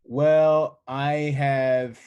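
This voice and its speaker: A man, a comedian, chatting casually over a video call in a halting, hesitant way with frequent restarts. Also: medium pitch, level tone, a little mellow, clear, resonant tone, no echo, lo-fi sound. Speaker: stand-up comedian.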